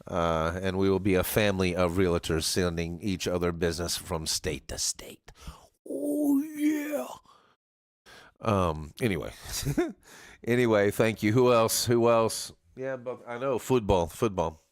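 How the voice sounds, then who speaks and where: Deep-voiced joking man hosting a livestream. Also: big pitch swings, unhurried, no room sound, clean studio sound. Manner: joking, chatty, talks straight to viewers by name. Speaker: livestream karaoke host greeting viewers. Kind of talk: casual rambling chat.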